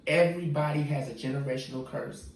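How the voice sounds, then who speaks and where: A man speaks frankly in relaxed, slangy talk as a podcast guest. He sits well away from the mic in a very echoey room. A faint hiss of noise runs under the voice. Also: a little high, quick pace, far from the mic. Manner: candid, talks in casual slang. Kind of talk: casual podcast conversation.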